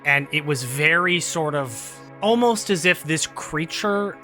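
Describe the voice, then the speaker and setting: A man narrating as game master of a tabletop role-playing game, animated and laughing often. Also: fairly high pitch, a little slow, faint music behind.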